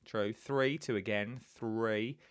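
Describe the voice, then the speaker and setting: A man's voice: fairly low pitch, fairly even intonation, slow pace, clean tone, no room sound, clean studio sound. A man hosting a live-stream quiz from his chair, chatty and teasing, often repeating answers. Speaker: quiz host. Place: indoors, seated at home.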